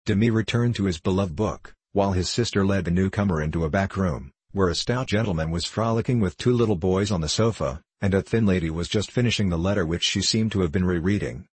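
Brief: deep-voiced male narrator, husky, steady storybook reading. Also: fast, few pauses, no echo. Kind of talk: audiobook narration.

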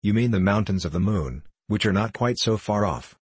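A man voicing a stubborn, skeptical gentleman hunter in a storybook reading, speaking in a gruff, blunt and dismissive way. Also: on the low side, animated, normal speed, dry recording.

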